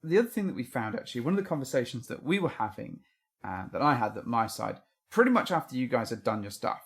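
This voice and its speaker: A man's voice: medium pitch, big pitch swings, quick pace, vocal fry. A man co-hosting a podcast from home, talking in an earnest, reflective, rambling way. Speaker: podcast co-host. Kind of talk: casual chat. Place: home room. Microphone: podcast microphone.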